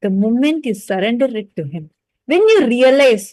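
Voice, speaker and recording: Brief: woman teacher, lively devotional storytelling, fairly high voice, dry close sound. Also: moderate pace, no echo, poor audio. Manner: animated, hesitant fillers, addresses listeners directly. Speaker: spiritual teacher.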